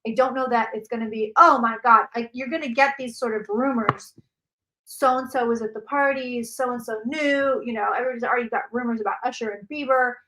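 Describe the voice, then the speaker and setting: Bright-voiced chatty woman host. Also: on the high side, steady tone, fairly quick, low-quality recording. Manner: chatty, repeats phrases, answers viewer questions. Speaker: psychic livestream host. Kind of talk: casual livestream chat. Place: home. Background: dog barking.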